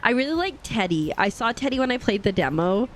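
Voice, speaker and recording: A woman's voice: fairly high pitch, big pitch swings, fairly quick, a little hiss or hum. Chatty giggly woman streaming a game. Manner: chatty, giggly, talks to chat. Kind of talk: casual live-stream chat while gaming. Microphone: desk microphone.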